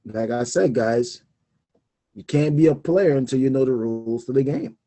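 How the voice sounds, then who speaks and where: A young man hosts a personal finance talk show, a casual solo talk about money, speaking animatedly and with emphasis, laughing often and repeating key points. His voice is medium-pitched with a dark tone, at a normal speed.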